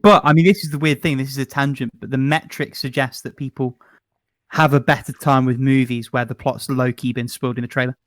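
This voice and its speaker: A British man co-hosting a casual podcast, thinking out loud with rambling, restarting sentences. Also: medium pitch, fairly even intonation, brisk, no echo, clean studio sound. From Britain. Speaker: podcast co-host. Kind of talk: casual chat.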